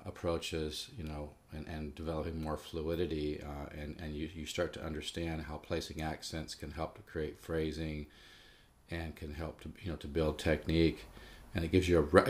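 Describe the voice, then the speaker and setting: A man giving a casual guitar lesson, rambling with restarts and stressing his points. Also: extremely low pitch. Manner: rambling, restarts, emphatic about practice. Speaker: guitar teacher. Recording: faint guitar playing behind.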